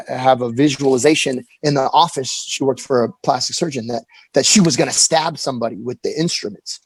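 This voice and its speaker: In a dry, poor-quality recording, a medium-pitched man in his forties shares a frank personal story during an interview. He's earnest but halting, frequently starting his sentences over.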